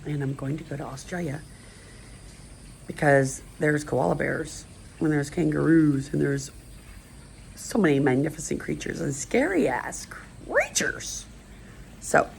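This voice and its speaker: A middle-aged woman with a deep, gravelly voice rambles emotionally in a personal video monologue, her thoughts spilling out stream-of-consciousness style. She's a vlogger, and the audio is poor, with slight background noise.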